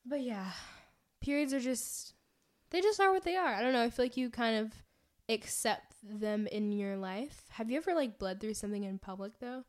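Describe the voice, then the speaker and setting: A woman's voice: on the high side, animated, moderate pace. A young woman co-hosting a casual chat podcast, talking animatedly and retelling things dramatically with lots of "like". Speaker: podcast co-host.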